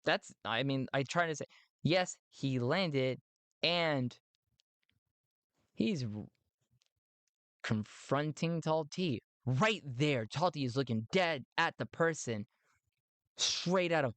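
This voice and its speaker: A man's voice: a little high, expressive, takes it slowly, long pauses, a bit bright, no echo. A man narrating a solo tabletop game in a playful, rambling way, with many fillers.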